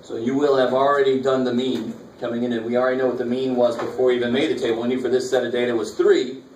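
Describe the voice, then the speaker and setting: This male math instructor talks fast in a flat, darkish, medium-pitched voice. He's giving a college classroom lecture, casually guiding students through calculator steps and tossing in slangy asides, recorded with a far-off mic in an echoey room with faint noise.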